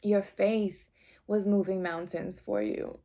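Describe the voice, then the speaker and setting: A woman's voice: mid-range voice, fairly even intonation, takes it slowly, warm tone. A woman giving a casual tarot reading, talking straight to her viewers in a rambling, heartfelt way. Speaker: tarot reader.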